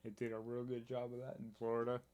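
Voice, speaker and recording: A man's voice: medium pitch, completely flat delivery, quick pace, a little mellow, highs cut off. An American man co-hosting a music reaction video, chatting casually with wry, sarcastic asides. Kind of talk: casual chat.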